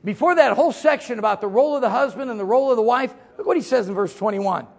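Speaking quickly in a high, gravelly voice with a husky edge, a middle-aged pastor gives a sermon. His style is folksy and full of jokes, alternating loud emphasis with quiet asides.

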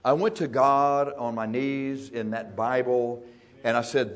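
Guy preaching in church, folksy and punchy, speeds up then drags words out. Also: mid-range voice. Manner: folksy, emphatic, shifting between fast and slow. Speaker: pastor. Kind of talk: sermon.

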